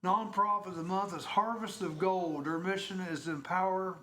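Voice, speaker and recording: Chatty high-voiced man hosting local radio. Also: fairly even intonation, normal speed, pushed and bright, a little hiss or hum. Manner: chatty, rambling, laughs easily. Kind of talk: casual radio chat.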